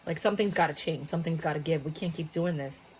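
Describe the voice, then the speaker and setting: A woman's voice: low-pitched, fast, a little mellow, husky, low-quality recording. A woman giving a casual tarot reading to her viewers, chatty and blunt, swearing freely and breaking into asides. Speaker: tarot reader.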